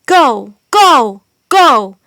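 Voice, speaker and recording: A woman's voice: high-pitched, moderate pace, no room sound, studio quality. A woman voicing a brave young boy. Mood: shouting fiercely. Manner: loud, shouting.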